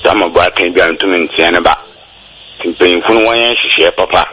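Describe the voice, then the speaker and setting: Very deep, bright-toned caller. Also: male voice, fairly even intonation, fast talker, breathy edge, poor audio. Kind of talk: call-in radio chat.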